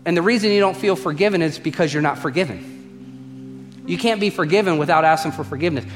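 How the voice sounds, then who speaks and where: A man's voice: a little high, a little fast, big-room sound, faint music behind. A male pastor preaching a sermon, emphatic, repeating refrains and putting direct questions to the congregation. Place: church auditorium.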